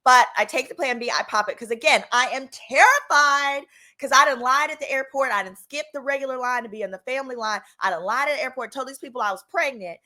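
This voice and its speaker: Woman, 30s, from Texas, storytime host; bright, slightly high voice, chatty and animated. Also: quick pace. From Texas, United States. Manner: animated, chatty, acts out the people she quotes. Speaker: lawyer and channel host. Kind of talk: casual storytime monologue.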